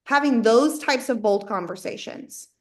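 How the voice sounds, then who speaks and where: A woman giving a lively motivational talk to her sales team, folksy and high-energy, often acting out what people say. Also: measured pace. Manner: high-energy, folksy, acts out quoted voices. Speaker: network marketing team leader.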